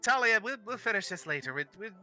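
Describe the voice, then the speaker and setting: Man as a brusque, foul-mouthed dwarf smith woman in a tabletop game, pitched up high, curt and hot-tempered. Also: very animated, quick pace, bright, forceful tone, soft background music, full character voice. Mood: brisk. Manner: swearing, brusque, high put-on voice. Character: gruff female dwarf blacksmith, hot-tempered.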